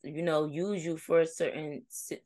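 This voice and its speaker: A young adult woman with a deep voice co-hosts a casual chat, speaking at a measured pace on a dry recording. She tells a reflective story and gets animated when she acts out her friends' replies.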